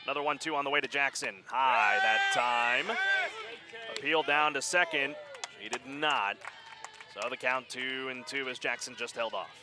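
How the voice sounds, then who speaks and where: A man calling a high school softball game play-by-play, getting quick and excited during close plays. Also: a loud crowd. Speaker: play-by-play announcer. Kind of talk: live sports commentary.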